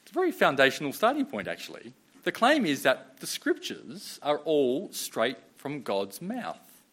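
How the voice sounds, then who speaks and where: A man's voice: a little high, wildly swooping pitch, a little slow, fairly bright tone, husky. A man in his thirties from Australia, preaching a sermon in a conversational storytelling way. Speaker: pastor.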